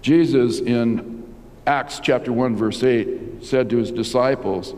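A man's voice: medium pitch, fairly even intonation, slow, darkish tone. Older male pastor, conversational sermon, asks rhetorical questions, long church reverb.

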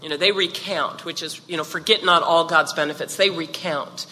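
A woman's voice: low-pitched, steady tone, moderate pace, bright, forceful tone, long reverb tail, slight background noise. A woman giving a devotional talk in a casual, joking manner, with many asides to listeners. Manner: chatty, joking, many "you know" asides. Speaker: devotional speaker.

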